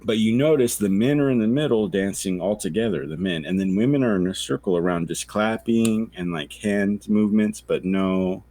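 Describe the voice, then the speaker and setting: A man with a low voice tells a rambling story in a loose, casual podcast chat. He swears freely and acts out the people in his story. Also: moderate pace, few pauses, mellow, no echo. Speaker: podcast co-host.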